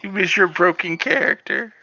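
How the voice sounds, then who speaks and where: A man's voice: sits high, normal speed, vocal fry, sharp tone. A man playing a tabletop game, joking and teasing the others in casual chat. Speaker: player. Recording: dull, dry lo-fi mic.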